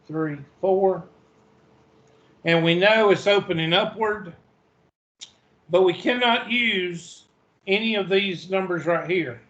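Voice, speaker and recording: A man's voice: high voice, a bit bright, muffled recording. A man teaching a math class online, flustered and talking to himself as he searches for something.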